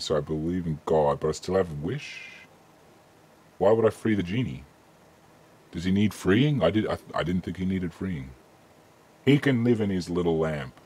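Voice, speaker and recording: Man, Australian accent, deep, slightly raspy, casual live-stream Q&A host, chatty, reads chat aloud. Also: normal speed, long pauses. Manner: relaxed, chatty, reads chat questions aloud with frequent ums. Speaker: streamer answering viewer questions.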